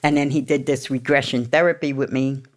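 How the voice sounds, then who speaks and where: A woman's voice: extremely low pitch, fairly even intonation, a little fast. A middle-aged woman from New York, a guest telling her own story in a blunt, swearing, streetwise way. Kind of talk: candid storytelling.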